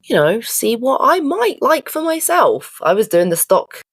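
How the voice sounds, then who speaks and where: A woman's voice: on the high side, sing-song, unhurried, slightly rough, no echo, clean studio sound. A young woman, co-hosting a podcast and telling stories in a rambling, giggly, casual way. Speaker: podcast co-host. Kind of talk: casual chat.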